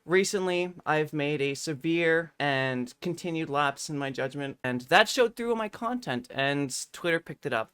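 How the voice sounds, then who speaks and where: A fake-sorry video maker gives a rambling apology and stammers over the words, as a streamer puts the voice on. The voice is bright and sits at an ordinary pitch. It sounds tearful in a put-on way. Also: clear, resonant tone, no room sound, lightly acted.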